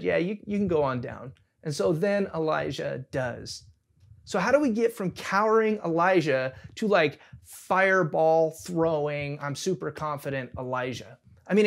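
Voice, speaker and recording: Casual pastor, man, fairly high voice, chatty and humorous in the pulpit. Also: gravelly. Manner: conversational, humorous retellings. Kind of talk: casual sermon. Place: church service.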